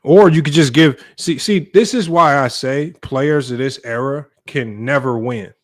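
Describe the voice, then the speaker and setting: A man's voice: mid-range voice, unhurried. A man hosting a sports debate live stream, ranting in an exasperated, heated way to his viewers.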